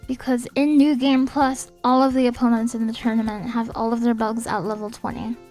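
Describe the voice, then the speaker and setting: High-voiced excitable woman streamer. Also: fairly quick. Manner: excitable, reads chat aloud and apologizes often. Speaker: game streamer. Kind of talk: casual live-stream chat. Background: faint game music.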